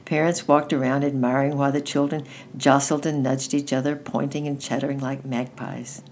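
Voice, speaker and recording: A woman reading a children's chapter book aloud at storytime, steady and gentle with occasional slips. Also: very deep voice, moderate pace, slight background noise. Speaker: storytime reader.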